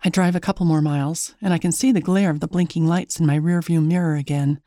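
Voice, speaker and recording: A woman's voice: deep voice, fairly even intonation, quick pace, warm tone, no echo, clean studio sound. A woman narrating a first-person story in a chatty, wry, self-mocking way.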